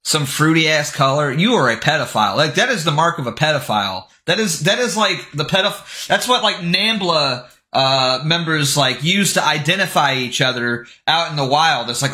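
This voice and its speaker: A young male streamer with a bright, high-ish voice reacts scornfully, swears freely and swings his pitch all over. The room gives his voice a noticeable echo. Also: expressive, moderate pace, few pauses. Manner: scornful, swearing, breaks into laughter. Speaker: streamer reacting to posts and videos. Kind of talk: casual crude reaction commentary. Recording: roomy echo.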